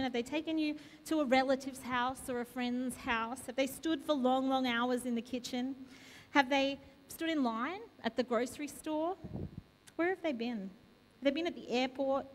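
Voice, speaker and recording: A woman with a high voice delivers a sermon to her congregation. She leans on repeated questions to draw the listeners in. Her voice carries a long reverb from the church hall around her. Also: normal speed. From Australia. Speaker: preacher. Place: church sanctuary.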